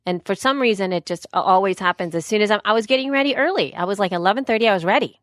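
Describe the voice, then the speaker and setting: A woman's voice: mid-range voice, animated, rapid-fire, fairly bright tone, dry recording, studio quality. A woman in her thirties co-hosting a casual chat show, talking in a loose, rambling way. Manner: rambling, many restarts and fillers. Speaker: podcast co-host.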